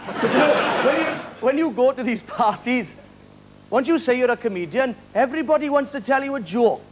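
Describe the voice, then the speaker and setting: A Welsh man doing stand-up comedy on a live talent show, firing off quick one-liners and chuckling at his own jokes. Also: extremely high pitch, expressive, noisy background. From Wales. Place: television studio stage before a live audience. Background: studio audience laughter.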